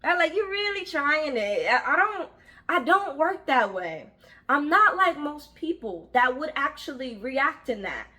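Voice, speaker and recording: Animated, bright-voiced young woman. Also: sits high, measured pace. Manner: animated, acts out voices of people in her story; frank, uses slang and swearing. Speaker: vlogger telling a work story. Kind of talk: casual storytelling vlog.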